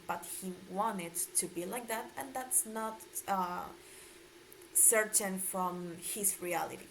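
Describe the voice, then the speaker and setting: A woman's voice: mid-range voice, a little hiss or hum, rough recording. A woman student giving a class presentation on linguistics, explaining with frequent hesitations.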